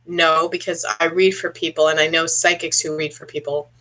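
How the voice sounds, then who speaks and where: Throat-clearing woman with a bright, tense voice. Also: low voice, level tone. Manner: halting, searching delivery with frequent throat clearing; addresses a viewer directly with questions. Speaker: psychic medium. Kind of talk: live-stream psychic reading.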